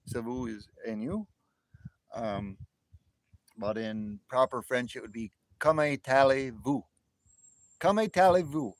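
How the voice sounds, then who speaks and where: A man in his fifties from near the northern border, hosting a casual livestream chat and rambling, with frequent word repeats and chuckles. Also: on the low side. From northern New York near the Canadian border. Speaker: livestream host. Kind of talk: casual live chat with viewers.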